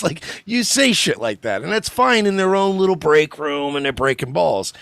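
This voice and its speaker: A man's voice: mid-range voice, very animated, moderate pace, fairly bright tone, no room sound. A man co-hosting a podcast in casual chat, blunt and sarcastic, often exasperated. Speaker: podcast co-host.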